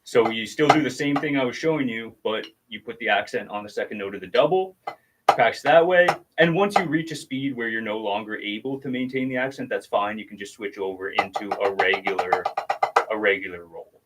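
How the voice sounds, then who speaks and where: A man's voice: mid-range voice, fairly quick, over loud music. A man giving a casual drum lesson on a livestream, patiently explaining technique and counting out strokes as he demonstrates. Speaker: drum teacher.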